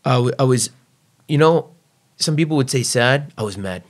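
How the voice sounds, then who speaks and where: A man's voice: mid-range voice, expressive, normal speed. A man guest on a podcast, telling a personal story casually and bluntly, swearing freely. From United States.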